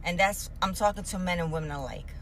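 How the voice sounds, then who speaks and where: Angry woman ranting at the camera, cursing nonstop, lowish voice. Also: fast talker, a bit bright, slight background noise, poor audio. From Puerto Rico. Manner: furious, cursing, heated.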